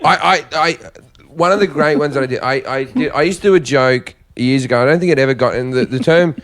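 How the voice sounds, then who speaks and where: A man's voice: medium pitch, fast, a bit bright. Male comedian spinning rambling anecdotes. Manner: rambling anecdotes with blunt swearing. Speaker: comedian podcast co-host. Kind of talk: casual storytelling chat.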